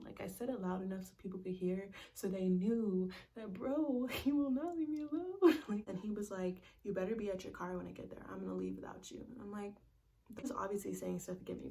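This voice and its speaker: Young woman, gravelly voice, casual storytime vlog, profane and blunt, slightly distant mic. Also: mid-range voice, mellow. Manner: blunt and profane, constant "like" and "bro", drops to whispers. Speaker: vlogger.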